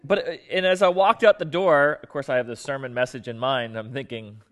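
A man's voice: medium pitch, steady tone, brisk, fairly bright tone, long reverb tail. A man preaching a sermon and telling a funny personal story in a conversational, self-mocking way with many fillers. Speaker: pastor.

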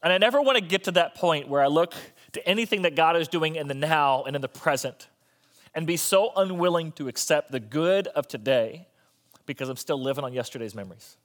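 A man's voice: on the high side, brisk, fairly bright tone. A male pastor preaching a sermon in a conversational style with joking asides.

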